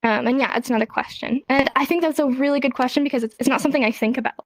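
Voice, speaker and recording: A young woman casually explaining a sign language lesson and answering questions, acting out example lines with big rising pitch. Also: steady tone, very fast, rough recording. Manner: chatty, acts out example dialogue with rising pitch.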